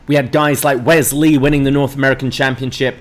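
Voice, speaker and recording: A man's voice: medium pitch, level tone, fast talker. Man, podcast co-host, recaps wrestling matches, quotes promos in funny voices. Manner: recaps events, mimics wrestlers' lines.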